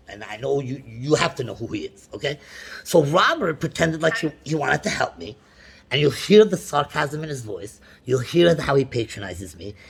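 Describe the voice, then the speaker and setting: On a phone call recording, a man with a medium-pitched, creaky, slightly rough voice complains at length about a bank. He's frustrated, repeatedly restarting his sentences and breaking into sudden outbursts.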